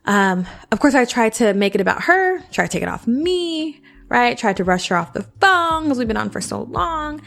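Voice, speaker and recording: A woman's voice: a little high, sing-song, normal speed, creaky, hardly any pauses, fairly bright tone. A woman hosting a podcast, giving frank, chatty advice and often checking in with the listener. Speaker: podcast host. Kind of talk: casual advice monologue.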